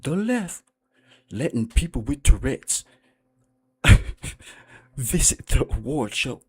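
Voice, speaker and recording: A man putting on a mocking impression of a prim, overly polished male YouTuber, in an exaggerated high voice. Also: very animated, slow, husky, full character voice.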